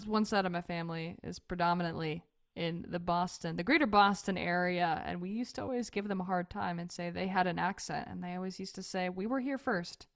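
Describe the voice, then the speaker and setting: A woman co-hosting a podcast, reading the intro and then chatting casually with a playful tone. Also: lowish voice. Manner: playful, laughs often. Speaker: podcast co-host.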